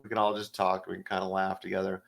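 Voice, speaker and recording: A middle-aged stand-up comedian chatting casually on a podcast, a relaxed storyteller who acts out the voices in his anecdotes. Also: low voice, fast, vocal fry.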